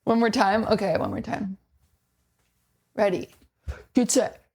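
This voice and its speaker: Puttering around her kitchen on a home stream, this woman talks casually and makes self-deprecating jokes toward her chat. Her medium-pitched voice is a little slow and somewhat mellow, with a faint hiss or hum in the background.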